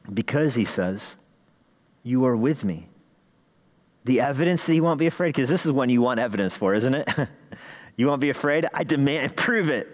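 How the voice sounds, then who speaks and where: Preacher with a long hall reverb. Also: male voice, mid-range voice. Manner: rhetorical questions, rising emphasis. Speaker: pastor. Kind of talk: sermon. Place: church sanctuary.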